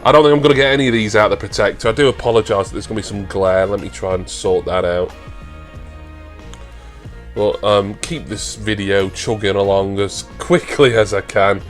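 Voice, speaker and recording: Chatty British man, low register, warm collector-vlog unboxing patter that tips into excited gushing; faint music underneath. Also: moderate pace. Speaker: toy collector vlogger.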